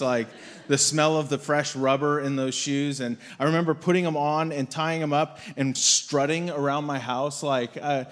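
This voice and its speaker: A young adult man as a guest speaker, giving a conversational sermon built on a personal story and acting out quotes in a church hall. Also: on the high side.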